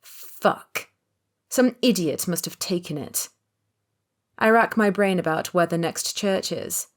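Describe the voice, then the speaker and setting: Brief: woman narrator, lowish voice, tense wry first-person storytelling. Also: measured pace. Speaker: audiobook narrator.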